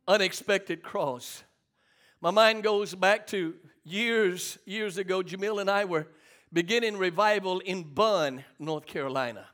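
Middle-aged male preacher, high and bright, storytelling sermon with call-and-response. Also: unhurried. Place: church sanctuary.

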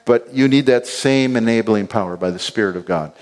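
A man's voice: on the low side, a little fast. A middle-aged man preaching a sermon, telling stories with acted-out quotes and chuckles. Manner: animated storytelling with acted-out quotes and laughs. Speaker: pastor.

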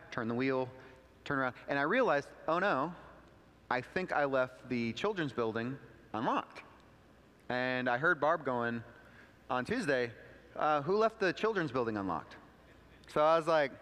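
A male pastor delivers a sermon in a church sanctuary, his mid-pitched voice carrying a long hall reverb. He talks in a relaxed, conversational way, full of little asides, and climbs in pitch whenever he drives a point home. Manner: conversational storytelling with asides, pitch rising for emphasis.

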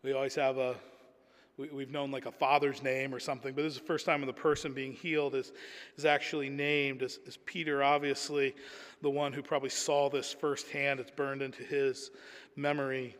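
A man's voice: mid-range voice, level tone, normal speed, a bit bright, big-room sound. A man preaching a sermon in an earnest, emphatic way, often repeating words as he builds a point.

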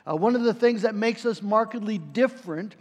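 High-voiced pastor preaching in a hall. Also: male voice. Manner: earnest, measured preaching with frequent "uh" fillers. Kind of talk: sermon with prayer.

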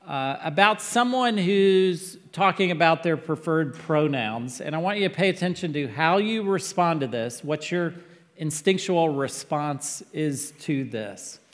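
Emphatic preacher in a reverberant hall. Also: male voice, fairly high pitch, expressive, measured pace. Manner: earnest, emphatic preaching with sudden loud peaks. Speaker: pastor. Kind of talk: sermon.

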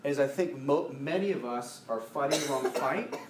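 A man preaching a sermon to a congregation, animated, rising in pitch and force when he presses a point. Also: normal speed, noisy background. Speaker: pastor.

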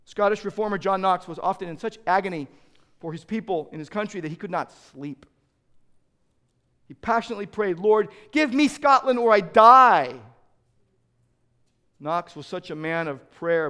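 Middle-aged male pastor, high voice, dynamic sermon delivery with loud and soft swings. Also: clear, resonant tone. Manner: dynamic preaching, swings from loud emphasis to quiet.

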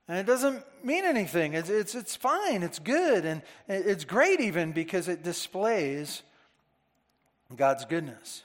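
A man's voice: high voice, sing-song, measured pace. A man preaching a Sunday-morning sermon to his church, earnestly repeating phrases for emphasis. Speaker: pastor. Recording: long reverb of a large hall.

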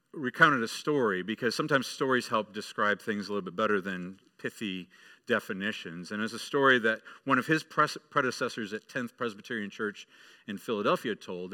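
A man's voice: medium pitch, pushed and bright. A male pastor preaching a sermon, telling a story to the children and building to emphatic preaching.

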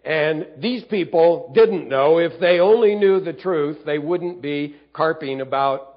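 Man preaching, slightly high, lo-fi. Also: measured pace, hardly any pauses. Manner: teaching, reads scripture aloud and acts out grumbling voices. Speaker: pastor. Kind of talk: expository sermon.

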